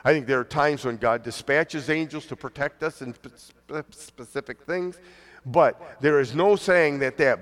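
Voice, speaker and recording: A man's voice: mid-range voice, fairly bright tone. Preaching man in a reverberant church hall. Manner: conversational preaching, acts out quoted voices. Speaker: pastor. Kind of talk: sermon.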